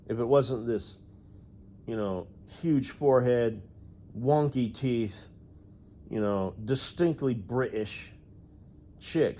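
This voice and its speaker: A man rambling through a solo audio monologue, full of fillers and frequent throat clearing. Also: medium pitch, slight background noise. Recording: dull lo-fi recording.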